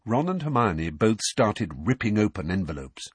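Husky, expressive male audiobook narrator. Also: fairly low pitch, normal speed, no echo. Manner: expressive, storytelling. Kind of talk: scripted narration.

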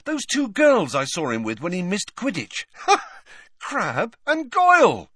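A man reading aloud, voicing an eager, impulsive teenage boy wizard who talks excitedly. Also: sits high, slightly rough, no room sound, clean studio sound, voice pushed up, exaggerated voice. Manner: excited, quick to leap at ideas.

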